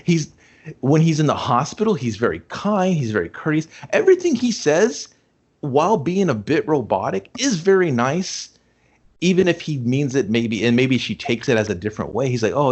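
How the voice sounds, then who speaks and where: Animated man riffing on a movie. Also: medium pitch, slightly rough. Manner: animated, swears a lot, acts out lines in funny voices. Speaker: podcast co-host. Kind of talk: casual movie review chat.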